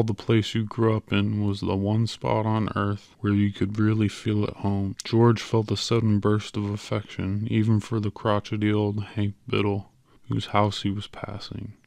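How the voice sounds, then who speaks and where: A man narrating an audiobook in a steady, measured storytelling manner. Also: fairly low pitch, gravelly, no echo. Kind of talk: scripted narration.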